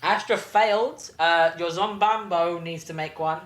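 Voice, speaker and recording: A man's voice: high voice, measured pace, very noisy. Laid-back man running a tabletop game. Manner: relaxed, rambling, laughs often, frequent restarts. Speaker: game master. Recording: roomy echo.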